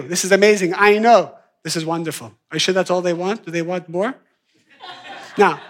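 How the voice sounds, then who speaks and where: A high-pitched man teaches an evening class, giving a lively lecture in which he acts out everyday scenes. He swings from quiet mutters to loud, excited bursts.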